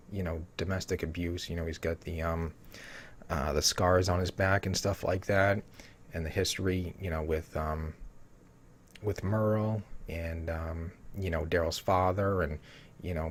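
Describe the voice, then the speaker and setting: Slight background noise accompanies a man with a fairly low voice who gives a loose, unscripted spoiler rundown of an upcoming TV episode. He reads summary lines, then rambles off on tangents, plugging every pause with "um" and "you know."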